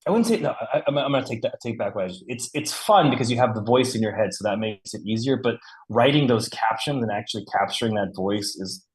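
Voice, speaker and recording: A man in his forties chats as a guest in a relaxed interview. He rambles through his answers, drops curse words and laughs easily, and his pitch jumps up and down a lot. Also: fast talker. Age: 40s. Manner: animated, rambling, swears freely, laughs often. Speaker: comic book writer, guest. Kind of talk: casual interview chat.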